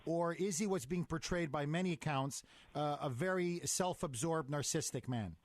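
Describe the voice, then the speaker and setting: A man's voice: fairly high pitch, moderate pace, dry recording. A male radio host asking the guest a string of probing questions.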